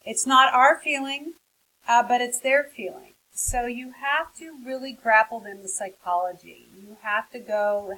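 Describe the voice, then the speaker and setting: Woman giving a writing lecture, kinda husky, chatty with lots of uh's and um's. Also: mid-range voice, fairly bright tone, rough recording. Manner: conversational with many fillers, frank asides. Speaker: writing teacher. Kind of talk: recorded lecture.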